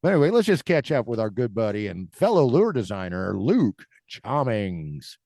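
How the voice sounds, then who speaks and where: A man hosting a podcast in a chatty, upbeat way, quick to laugh. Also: medium pitch, big pitch swings, mellow. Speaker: podcast host. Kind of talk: casual podcast chat.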